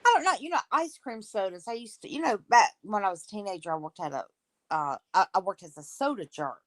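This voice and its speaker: A woman's voice: medium pitch, expressive, fast, a bit bright, no room sound. A woman with a Southern American accent in casual chat, explaining things in a rambling, hesitant way. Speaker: co-host.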